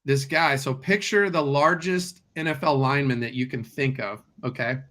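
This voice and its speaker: A man, a guest real estate investor, telling a story in casual conversation and acting out the dialogue with lively delivery. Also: medium pitch, normal speed.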